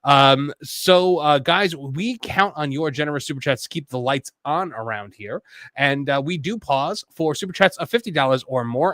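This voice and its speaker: A man hosting a casual podcast chat, talking in an animated, self-deprecating way. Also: fairly high pitch, normal speed, dry recording, clean studio sound. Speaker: host.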